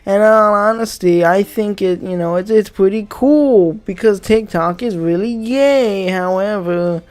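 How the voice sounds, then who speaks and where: A man's voice: sits high, measured pace, darkish tone. A young man giving a comedic rant commentary, swearing and sarcastic throughout. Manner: profane, sarcastic ranting. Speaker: YouTuber.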